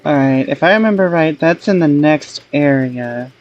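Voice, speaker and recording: A woman's voice: sits low, moderate pace, muffled recording, faint music behind. A woman streaming a game, casual commentary, laughing and shrieking in disbelief.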